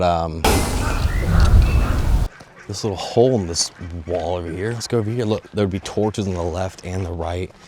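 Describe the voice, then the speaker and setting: A young man filming a casual walking travel vlog, talking straight to viewers in a joking, excitable way with plenty of swearing, out of breath as he goes. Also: low-pitched, a little hiss or hum. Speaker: travel vlogger. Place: outdoors and in stone tunnels of a sea fortress. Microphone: phone on a selfie stick.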